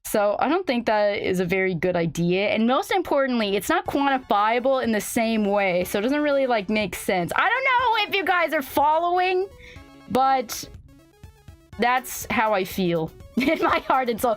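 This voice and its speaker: High-voiced rambling young woman streamer. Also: sing-song, normal speed, faint music behind. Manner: rambling, filler-heavy, laughs often, reads chat aloud. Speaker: VTuber streamer. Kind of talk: casual live-stream chat.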